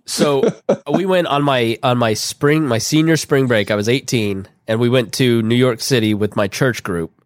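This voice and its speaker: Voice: medium pitch, moderate pace, dry recording, studio quality. An American podcast co-host asking playful questions and telling a story in a casual, joking way. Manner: playful, asks questions, tells stories with quoted voices.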